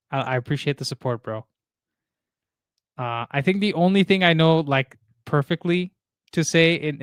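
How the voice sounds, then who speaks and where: A man hosting a live stream chats easily and reads out viewer messages. His voice is smooth and clear, recorded dry on a close streaming mic, and he often pauses with "uh" and "um" as he goes. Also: medium pitch, no room sound. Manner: relaxed, reads chat messages aloud, many fillers. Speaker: livestream host. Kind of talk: casual live stream chat.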